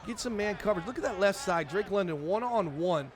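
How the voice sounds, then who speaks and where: A streamer with a high-sitting, animated voice speaks briskly while casually calling the plays of his football franchise game like a team fan. There's a little hiss or hum, plus video game music and sounds behind his voice.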